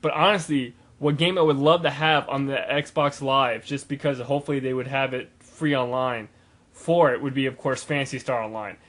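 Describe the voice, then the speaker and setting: A man's voice: medium pitch, fairly even intonation, normal speed, fairly bright tone. A young man talking in a casual, rambling video blog, full of fillers and restarts. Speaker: gaming vlogger.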